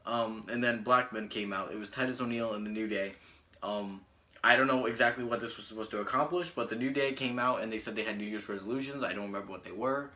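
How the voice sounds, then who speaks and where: Crude sarcastic young man, bright voice. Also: fairly low pitch, fast. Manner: crude, sarcastic, full of fillers. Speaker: wrestling show reviewer. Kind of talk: casual review vlog.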